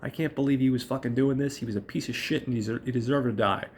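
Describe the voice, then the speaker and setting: A scheming young woman robber, crude and blunt in every line, as a man quotes her in his own voice. She swears freely and sounds unbothered, pitched at an everyday middle range. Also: quick pace, slight background noise, lightly acted.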